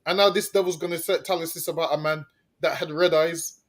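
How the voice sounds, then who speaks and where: A man's voice: fairly high pitch, steady tone, brisk, fairly bright tone. A man co-hosting a podcast in casual chat, mocking and slangy, often laughing and tagging lines with "man". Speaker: podcast co-host.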